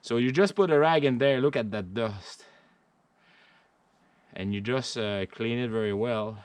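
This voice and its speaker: A middle-aged man with a French accent, explaining a hands-on chainsaw repair in a halting way, with many fillers and restarts. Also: medium pitch. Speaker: vlogger.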